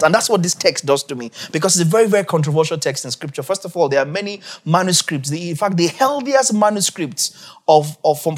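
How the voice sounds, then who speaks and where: A man preaching a sermon as pastor, emphatic and repetitive, building to raised, shouted peaks. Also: fairly high pitch. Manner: emphatic, repeats key phrases, rising to shouts.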